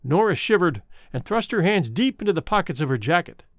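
Man reading an old short story aloud, fairly high voice, dry close sound. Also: sing-song, fairly quick, fairly bright tone, no room sound. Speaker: narrator. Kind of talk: audiobook narration.

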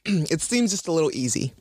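A woman co-hosting a casual chat that recaps a TV episode, animated, laughing often and swearing as she acts out the characters. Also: on the low side, moderate pace, breathy edge, dry recording. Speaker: podcast co-host.

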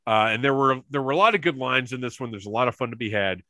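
A man co-hosting a casual fan podcast, telling stories in an excitable, animated way with quick asides over a remote call mic. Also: mid-range voice, no room sound, studio quality. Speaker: podcast co-host.

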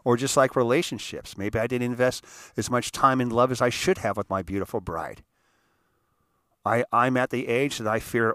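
An older man tells a personal story in a rambling, emphatic way, often swinging from hushed to forceful. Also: mid-range voice, normal speed, dry recording, studio quality. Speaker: host.

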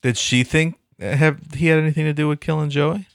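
A man's voice: a little high, fairly even intonation, a little fast, creaky, no room sound. A man co-hosting a podcast, chatting casually and cracking dry jokes. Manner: dry, wisecracking. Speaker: podcast co-host. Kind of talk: casual chat.

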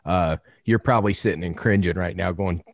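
A man's voice: deep voice, brisk. A man hosting a podcast interview, laughing along with his guest and chiming in with short agreeing replies in casual chat. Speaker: podcast host.

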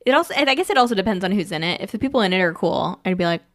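A woman's voice: medium pitch, animated, very fast, no room sound, clean studio sound. A woman in casual chat as a podcast co-host, rambling with many restarts and frequent laughs.

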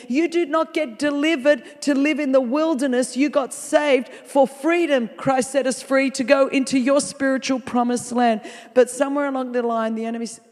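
Woman guest preacher, high voice, animated and playful, sermon in a big church with long reverb. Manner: animated and playful, with comic asides. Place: large church. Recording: long reverb of a large hall.

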